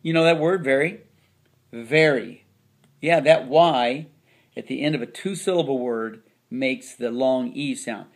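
A man teaching a phonics lesson to children, slowly sounding out each part of the words. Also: mid-range voice. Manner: slow, drawn-out sounding of word parts.

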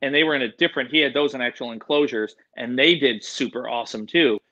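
A man, an animal expert, telling animated, slangy stories in a casual interview, full of "dude" and "like". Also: mid-range voice, fast talker, dull audio. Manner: animated, excitable, slangy, says "dude" and "like" a lot. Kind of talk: casual storytelling in a podcast interview.

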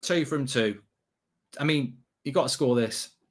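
A man giving excitable, sweary live reaction commentary as a streamer, half talking to himself. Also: mid-range voice, a little slow.

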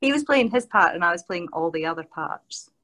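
Lowish-voiced Scottish woman telling stories. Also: a little fast. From Scotland. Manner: animated, rambling anecdote with many fillers. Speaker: guest, author and broadcaster. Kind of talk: casual podcast storytelling.

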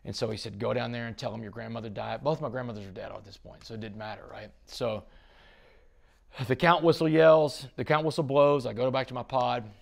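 Middle-aged man, gravelly, animated interview storyteller. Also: medium pitch, a little fast. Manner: animated storyteller, quotes others, swings loud and soft. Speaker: podcast guest.

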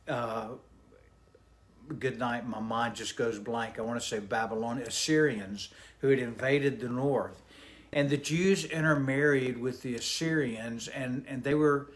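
Man, Southern accent, pastor, devotional Bible reading, conversational commentary, medium pitch. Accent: Southern American. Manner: reads scripture then explains it casually, with fillers and asides.

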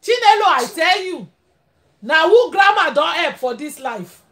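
High, lively Nigerian woman streamer. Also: moderate pace. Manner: chatty, laughs often, switches into pidgin. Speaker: livestream host. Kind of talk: casual live-stream chat.

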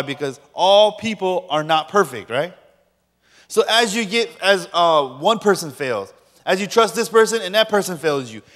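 A man's voice: high voice, fairly bright tone, big-room sound. A man preaching a sermon as a pastor, joking playfully with his audience. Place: large lecture hall.

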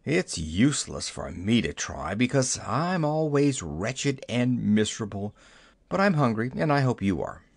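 A man's voice: medium pitch, very animated, unhurried, vocal fry, heavily acted. A man doing a gloomy rabbit king. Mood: mournful. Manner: mournful, complaining. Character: gloomy, self-pitying male rabbit king.

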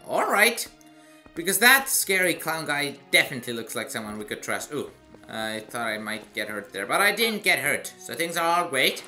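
A man's voice: on the high side, very animated, moderate pace, pushed and bright, soft background music. A man doing casual gameplay commentary, chatty with self-mocking asides. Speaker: let's play gamer.

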